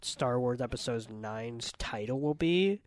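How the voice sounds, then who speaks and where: A man's voice: medium pitch, animated, measured pace, no echo. A young man co-hosting a podcast, joking and swearing in casual chat. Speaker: podcast co-host.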